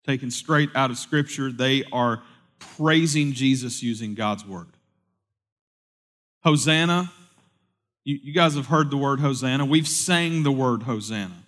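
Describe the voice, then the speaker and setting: Animated male pastor preaching. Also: mid-range voice, a little slow. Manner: conversational preaching, animated swings from loud to hushed. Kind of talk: sermon.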